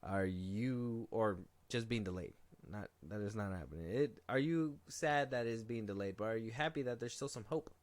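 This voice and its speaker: A young man co-hosting a film podcast, casually running through film news in a relaxed, rambling way. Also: fairly low pitch, normal speed. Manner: relaxed, rambling, trails off and restarts. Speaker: podcast co-host.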